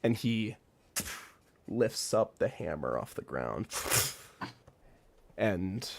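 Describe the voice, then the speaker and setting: Slow gravelly man narrating a game. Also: low voice, sing-song, darkish tone. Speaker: game master.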